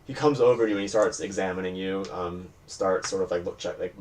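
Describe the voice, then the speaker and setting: A man narrating as game master of a tabletop horror game, telling the scene in a relaxed, rambling way. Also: deep voice, quick pace. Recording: distant mic with faint hiss.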